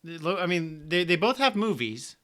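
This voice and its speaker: A man co-hosting a podcast talks in a chatty, hedging way. His voice is bright and a little high. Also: sing-song, moderate pace. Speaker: podcast co-host. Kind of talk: casual chat.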